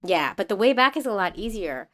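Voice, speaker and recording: A middle-aged woman co-hosting a podcast, an animated storyteller who laughs often in casual chat. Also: mid-range voice, fast. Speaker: podcast co-host.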